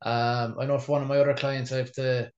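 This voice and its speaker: A man's voice: medium pitch, flat delivery, fast talker, darkish tone, muffled recording. A man co-hosting a podcast, chatting casually in a bedroom with sweary, laughing banter. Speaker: podcast co-host and personal trainer. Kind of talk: casual chat.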